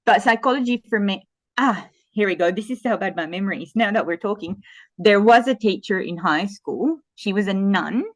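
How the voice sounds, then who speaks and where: A woman in her forties from the Philippines, a guest in a casual interview, telling animated stories that often restart mid-sentence. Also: medium pitch, normal speed, dry recording. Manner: animated storytelling with frequent restarts.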